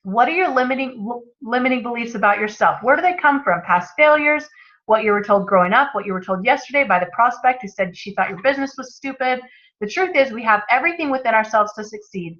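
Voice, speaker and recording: Upbeat woman reading and riffing on a self-help book, bright forceful voice, dull lo-fi sound. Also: on the high side, expressive, fast talker. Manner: enthusiastic, motivational, chatty. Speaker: book club host. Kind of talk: reading aloud and commenting on a book.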